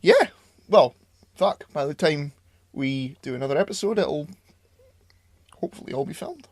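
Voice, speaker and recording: A man's voice: on the high side, lively intonation, normal speed. A young man co-hosting a podcast in casual banter, blunt and sardonic, swearing freely. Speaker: podcast co-host and filmmaker.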